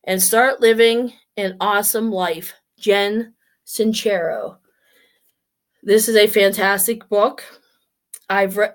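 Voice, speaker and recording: Woman in her forties, casual vlog chat, slightly higher voice, a bit breathless, upbeat and rambling. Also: a bit bright. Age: 40s. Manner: chatty and upbeat, with many restarts and asides. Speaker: vlogger.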